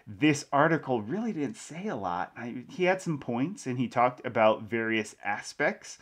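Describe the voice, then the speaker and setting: A man's voice: medium pitch, big pitch swings, normal speed. A man hosting a crypto news show, reading an article aloud and adding casual commentary with small laughs.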